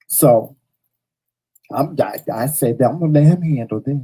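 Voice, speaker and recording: Male talk host, very dark and husky tone, animated, salty storyteller. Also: medium pitch, normal speed, low-quality recording. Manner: animated, profane storytelling with repeated lines. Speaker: morning show host.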